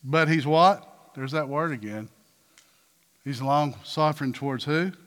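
A man preaching a sermon as pastor, asking the congregation questions and breaking into loud, emphatic bursts. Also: on the high side, measured pace. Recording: reverberant hall with faint music.

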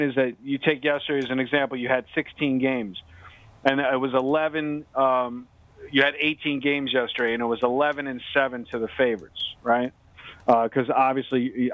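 A man's voice: medium pitch, no room sound. A man from Seattle hosting a sports betting radio show, talkative and insistent as he explains his points. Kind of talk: casual radio banter. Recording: dry phone-line sound.

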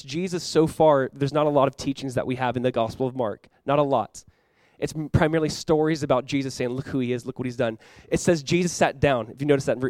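Fast-talking young pastor, dry sound. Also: male voice, medium pitch, no echo. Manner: animated, acts out playful voices for the disciples. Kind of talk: sermon.

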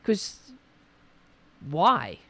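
A woman hosting a political podcast, delivering an indignant, scolding rant while her voice is going hoarse. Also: sits low, wildly swooping pitch, very slow, pushed and bright. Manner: indignant, scolding, swears, talks to her dog aside. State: losing her voice. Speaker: podcast host. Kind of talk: ranting political commentary.

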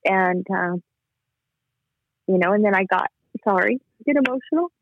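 A man giving an earnest, halting and emotional personal testimony as a guest over the phone. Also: high-pitched, expressive, gravelly, no room sound. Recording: tinny phone line.

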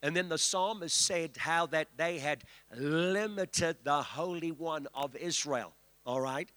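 A man's voice: a little high, slow pace, fairly bright tone. A man preaching as a guest in a church, declaiming and calling on the congregation to respond. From South Africa. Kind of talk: sermon. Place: church sanctuary. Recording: reverberant church hall.

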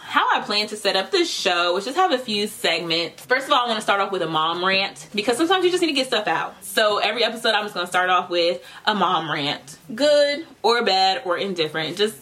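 A woman's voice: mid-range voice, sing-song, a little fast, few pauses, pushed and bright. A woman in her thirties hosting a solo podcast, talking candidly and conversationally, often building her points in short lists. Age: 30s. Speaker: podcast host. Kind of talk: casual solo podcast monologue.

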